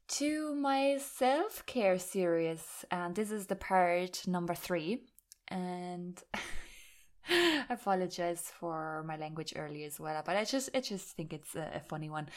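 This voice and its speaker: A woman hosting a self-care podcast, talking casually and laughing often as she speaks. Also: lowish voice. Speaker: podcast host. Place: rural home near fields.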